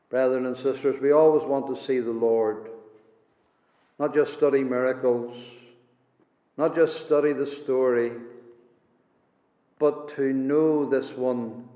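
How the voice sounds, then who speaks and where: A man preaching a sermon, emphatic and repeating his key words for weight. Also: medium pitch. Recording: echoey hall, dull lo-fi sound.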